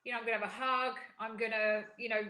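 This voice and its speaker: Woman, upbeat, earnest, fairly high voice, echoey room. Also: flat delivery, quick pace, sharp tone. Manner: upbeat, earnest, talks in long flowing runs. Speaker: co-host of a spiritual wellbeing show. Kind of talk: casual live chat.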